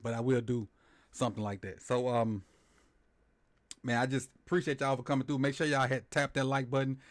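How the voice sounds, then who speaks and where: A man's voice: mid-range voice, dry recording. A man hosting a livestream in a playful, loose, repetitive casual chat at a desk microphone. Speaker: livestream host.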